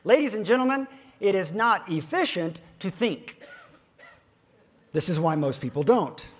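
A man with a notably high voice delivers a motivational keynote to a room of advisors. He swings between loud, punchy emphasis and hushed lines close to a whisper. He slows right down to hammer home his key phrases. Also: animated, a little hiss or hum. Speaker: keynote speaker to financial advisors.

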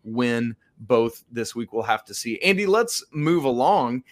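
A man co-hosting a sports podcast, reeling off college basketball statistics in a lively, casual way with the odd laugh. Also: mid-range voice, measured pace. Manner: lively, laughs between stats. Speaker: podcast co-host. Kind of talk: casual sports analysis chat.

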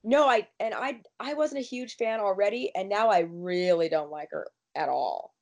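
A woman hosting a casual TV recap chat, quick and emphatic as she gives her opinions. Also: mid-range voice. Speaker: podcast host.

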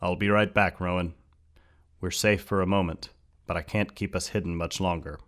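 Urgent robed guy warning everyone to move, man reading, deep. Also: steady tone, normal speed, fairly bright tone.

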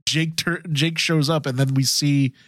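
An eager man with a somewhat high voice, laughing often and jumping in to finish the others' thoughts. The sound is dry and close, with no room tone. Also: fairly even intonation, measured pace, a bit bright, dry recording. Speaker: podcast co-host. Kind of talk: casual chat.

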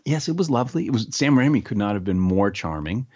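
A man's voice: on the low side, big pitch swings, fast, darkish tone, no room sound, dull audio. A middle-aged man, an actor, chatting in an interview with many stammered restarts. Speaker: actor guest. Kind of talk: casual interview chat.

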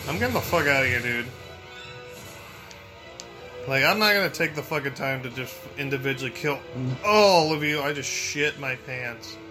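A man giving profane, excitable let's play commentary, muttering to himself and yelling when he panics. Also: mid-range voice, normal speed, pauses often, soft background music. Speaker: gameplay streamer.

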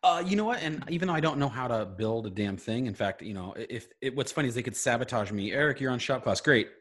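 A man co-hosting a casual chat, animated and quick to act out little scenes. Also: medium pitch. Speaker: podcast co-host.

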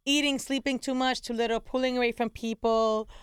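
A woman's voice: fairly high pitch, brisk, smooth, no room sound, clean studio sound. A woman co-hosting a podcast, chatting casually as a mother and acting out quoted family voices as she tells stories. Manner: lively storyteller who acts out quoted voices. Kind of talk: casual chat.

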